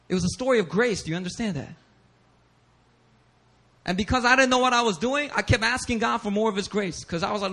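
A man preaching a sermon as pastor, telling stories animatedly with bursts of shouting and laughter. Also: high-pitched, fairly quick.

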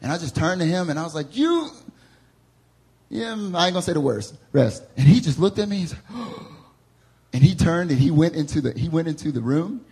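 Young Southern man preaching, husky slightly high voice, animated storyteller in a church service. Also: brisk. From American South. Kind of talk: storytelling sermon. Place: church service before a congregation.

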